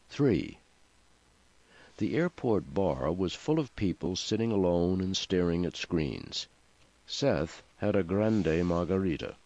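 Deep-voiced male audiobook narrator. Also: dry recording. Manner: expressive storytelling. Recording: dry, slightly muffled lo-fi recording.

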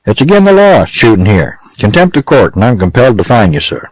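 A man's voice: medium pitch, very animated, brisk, voice pushed up, rough recording. A man voicing a pompous, blustering old frontier judge.

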